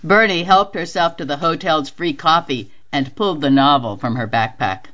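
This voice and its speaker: A woman volunteer reader narrating a novel for a radio reading service in a steady, expressive way. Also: deep voice, moderate pace, muffled recording.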